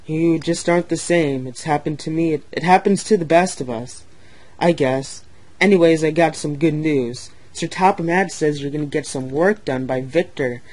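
A man's voice: a little high, moderate pace, darkish tone, natural voice, poor audio. A man voicing a kind older male steam engine who talks in a reassuring, rambling way.

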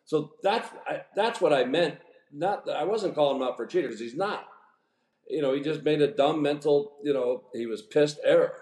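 A man in his sixties, a former pro golfer, telling rambling, animated anecdotes as a podcast guest. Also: on the high side, normal speed. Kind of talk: casual storytelling interview. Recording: echoey room.

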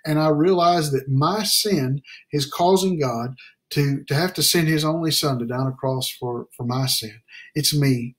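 A middle-aged man, a pastor, preaching an earnest, plain-spoken Bible study sermon, slowing down to stress key phrases. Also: fairly high pitch. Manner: restarts and fillers, plain spoken.

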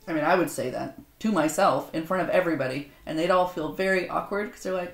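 A woman's voice: on the low side, fast talker, gravelly, few pauses. A woman unboxing a gift box at home, chatting casually with sarcastic, self-mocking banter. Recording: roomy echo, faint noise.

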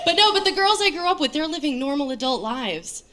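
A woman in her thirties from New York doing a stand-up set on stage, with a deadpan, self-mocking delivery full of fillers. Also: sits high, a little fast, background noise. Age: 30s. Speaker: stand-up comedian. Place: comedy stage before a live audience. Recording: live show with crowd laughter. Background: audience laughter.

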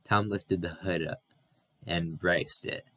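Low-voiced guy reading a novel out loud, trips on words and fixes them. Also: fairly even intonation, takes it slowly, dry recording. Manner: stumbles and corrects words while reading. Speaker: audiobook narrator. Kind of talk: novel read aloud.

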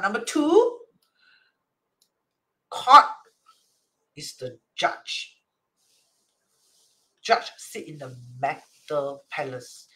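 With a bright, forceful mid-range voice, a teacher speaking Singaporean English explains how to read a divination chart. Quoted lines are acted out, Chinese and Hokkien words get woven in, and "right?" is a constant refrain.

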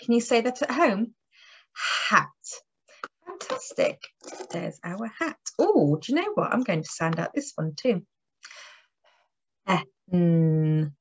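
A woman teaching phonics to young children, lively and encouraging, sounding out letters slowly. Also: on the high side, husky, highs cut off. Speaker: early years teacher. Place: classroom or home table.

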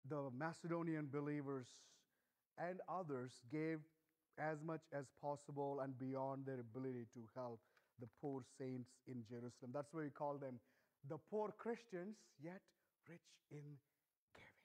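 A middle-aged man preaching a sermon in church, earnest and emphatic, speaking slowly and deliberately. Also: darkish tone. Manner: earnest, emphatic, stresses key words with rising pitch.

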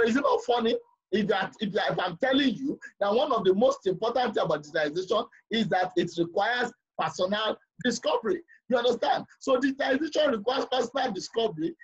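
Man, high husky voice, emphatic class lecturer who keeps checking understanding; muffled lo-fi sound. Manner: emphatic, repeats points, asks the class questions.

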